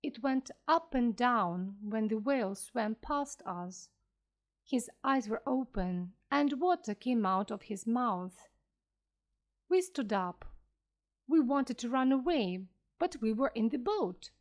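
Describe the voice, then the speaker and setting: Brief: woman narrator, slow graded-reader storytelling, bright lilting voice. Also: on the high side, expressive. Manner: clear, careful reading aloud.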